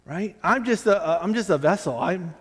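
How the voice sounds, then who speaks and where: Male pastor, conversational sermon delivery, self-deprecating asides, fairly high voice, reverberant church hall. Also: animated, moderate pace, a bit bright, husky. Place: church sanctuary.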